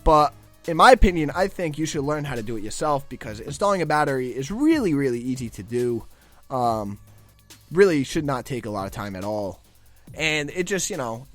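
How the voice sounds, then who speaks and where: A young man talks loosely over gameplay, wandering from one thought to the next with plenty of stumbles and restarts. His voice sits at an ordinary middle pitch for a man, and faint music plays behind him. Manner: rambling, self-admittedly stumbling over words. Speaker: guest gameplay commentator. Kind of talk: casual commentary over gameplay.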